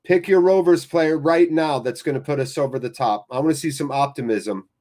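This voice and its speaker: An American man hosting a live fan watchalong, calling the play and chatting with viewers in an excitable, chatty way. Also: fairly high pitch, brisk. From United States.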